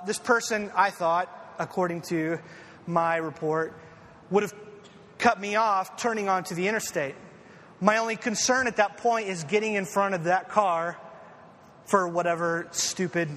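A man preaching a conversational sermon, an animated, self-deprecating storyteller who leans on fillers and asides. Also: high voice. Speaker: pastor. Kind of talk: conversational sermon with personal stories. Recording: echoey hall with faint ambient noise.

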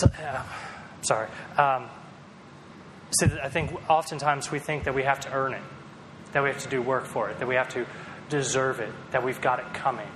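A man's voice: mid-range voice, fairly bright tone, long reverb tail, a little hiss or hum, low-quality recording. A man preaching a sermon in a conversational, storytelling way, with self-deprecating humor. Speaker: pastor.

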